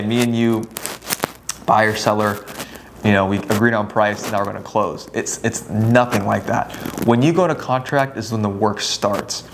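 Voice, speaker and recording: A man's voice: fairly low pitch, slight background noise. A young man, a real estate agent, giving casual advice and often checking in with "right?". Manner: conversational, with many "right?" tag questions and acted-out client dialogue. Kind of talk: casual talking-head advice.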